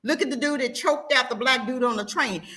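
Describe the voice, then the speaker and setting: A woman's voice: sits high, fairly quick, pushed and bright. A woman co-hosting, commenting indignantly and firing rhetorical questions. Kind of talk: casual commentary.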